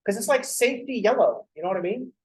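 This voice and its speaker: A man's voice: high voice, animated, fast talker, a little mellow, breathy edge, low-quality recording. Joking, rambling young male math lecturer. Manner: joking, rambling, swears casually. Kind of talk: casual classroom lecture with joking asides. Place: classroom.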